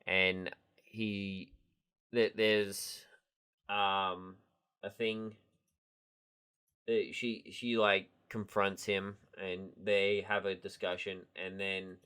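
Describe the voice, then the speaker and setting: A man co-hosting a casual podcast, recapping an episode haltingly with fillers. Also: low voice, a bit bright, clear, resonant tone. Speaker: podcast co-host.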